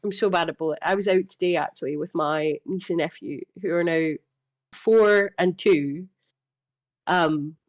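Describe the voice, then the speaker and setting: A woman co-hosting a casual gaming podcast, an animated storyteller who swears freely and laughs often. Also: fairly low pitch, normal speed. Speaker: podcast co-host. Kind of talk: casual chat.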